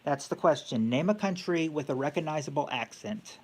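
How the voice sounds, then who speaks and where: A man's voice: on the high side, fairly quick, breathy edge. A man hosting a casual live-stream quiz game, thinking aloud with many fillers and restarts.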